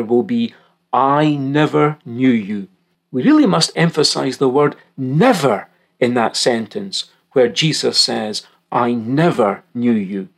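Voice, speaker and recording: A man giving a recorded Bible teaching talk in an earnest, measured way, stressing key words and reading scripture passages aloud. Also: mid-range voice, creaky.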